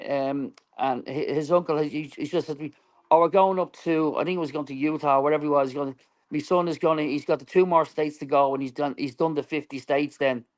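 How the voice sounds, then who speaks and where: Male guest musician, slightly high voice, lively anecdotal storyteller. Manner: animated, acts out quoted dialogue, laughs often. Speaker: band member guest. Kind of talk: storytelling in an interview.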